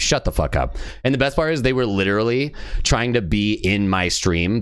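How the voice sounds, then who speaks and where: A man streaming live, ranting at a player in a profane, scornful, sneering way. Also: sits low. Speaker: livestreamer. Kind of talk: live game stream rant.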